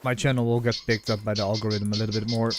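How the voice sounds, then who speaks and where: A man's voice: on the low side, little pitch movement, rapid-fire, a little hiss or hum. A young man casually commenting on a hunting game while chatting with his viewers, musing aloud in a rambling, conversational way. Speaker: gaming streamer.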